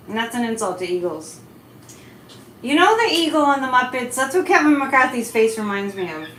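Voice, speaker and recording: A woman with a slightly high, fairly bright voice hosts a psychic livestream, chatting in a casual, animated way and responding to chat comments as they come in. The room is echoey, with faint noise.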